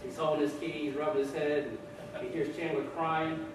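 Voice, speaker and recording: A man giving a humorous storytelling speech at a ceremony, animated and often repeating words. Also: on the high side, normal speed. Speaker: ceremony speaker. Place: ceremony hall. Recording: echoey hall, distant mic, background noise.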